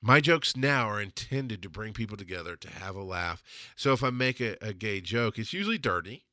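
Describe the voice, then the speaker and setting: A man's voice: fairly low pitch, animated, a little fast, bright, forceful tone, dry recording. A middle-aged man hosting his own podcast, talking in a blunt, profane, rambling way, restarting sentences and laughing at his own jokes. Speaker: podcast host. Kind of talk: casual podcast monologue.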